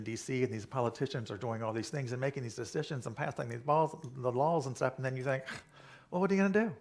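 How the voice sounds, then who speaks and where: A man preaching a sermon in a relaxed, chatty manner. He keeps coming back to one phrase and talks to the congregation as if in conversation, at a middling pitch. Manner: conversational, repeats key phrases. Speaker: minister.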